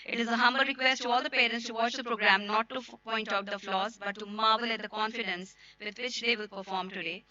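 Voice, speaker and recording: A middle-aged woman, a school principal with an Indian accent and a hoarse voice, giving a speech to parents and students at a school event, moving between English and Hindi. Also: a little high, little pitch movement, quick pace, few pauses, bright, forceful tone, no echo, lo-fi sound.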